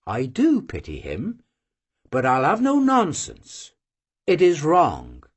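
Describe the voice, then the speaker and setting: An audiobook reader voicing a proud, serious young Cossack woman who answers quietly and firmly. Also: mid-range voice, wildly swooping pitch, slow, husky, voice pushed down, heavily acted. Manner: quiet, firm, curt replies. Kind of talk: audiobook character voice.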